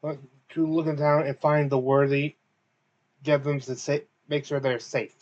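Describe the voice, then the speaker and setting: A man recapping a tabletop game in a casual, halting way, often correcting himself. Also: a little high, little pitch movement, a little mellow, lo-fi sound. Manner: halting, many fillers and self-corrections. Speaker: recap host.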